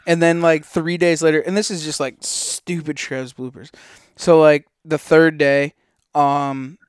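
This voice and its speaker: A man's voice: on the high side, flat delivery, measured pace, smooth, dry recording, studio quality. A man co-hosting a podcast, telling rambling casual stories packed with fillers and swearing. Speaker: podcast co-host. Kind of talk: casual storytelling.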